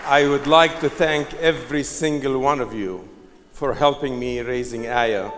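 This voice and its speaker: A man's voice: mid-range voice, steady tone, a bit bright, some chatter behind. Middle-aged man giving a wedding toast. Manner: emotional, joking, slow and halting with restarts. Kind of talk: wedding speech. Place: wedding reception hall. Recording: reverberant banquet hall with music behind.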